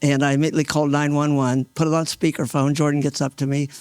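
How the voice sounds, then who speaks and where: A man in his sixties tells his story at an awards event, earnest and halting, often restarting his sentences. His voice sits a little high for a man. The sound is dry and close on a stage microphone. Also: little pitch movement, a little mellow, clear, resonant tone, dry recording. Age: 60s. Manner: earnest, halting, with many restarts and re-enacted quotes. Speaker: mail carrier honored at an awards event. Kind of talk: emotional first-person storytelling.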